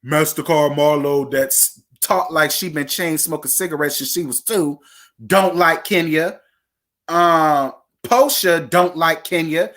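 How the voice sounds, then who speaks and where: A reality TV recap host giving blunt, profane opinions in a casual, chatty way. The voice sits at a middling pitch and keeps talking straight to the viewers. It swings suddenly between fast, high outbursts and slower, lower asides. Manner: animated, with sudden jumps in pitch and speed.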